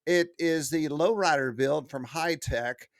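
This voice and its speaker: A man's voice: on the high side, unhurried, dry recording, clean studio sound. Chatty man hosting RC hobby news. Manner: chatty, enthusiastic, with frequent fillers. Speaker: host of a weekly RC news show. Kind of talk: casual news roundup.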